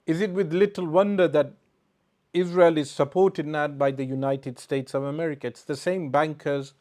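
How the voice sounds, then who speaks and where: A male religious scholar lecturing a live audience, his voice sitting a bit higher than most men's. He talks emphatically, stacking rhetorical questions as he retells a story. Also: darkish tone. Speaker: Islamic scholar and speaker.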